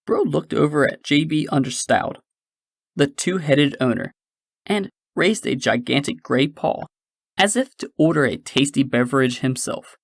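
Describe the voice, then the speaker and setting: A man narrating a science-fiction audiobook in a measured storytelling manner. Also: a little high, expressive, dry recording, clean studio sound. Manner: measured storytelling, shifting into character voices.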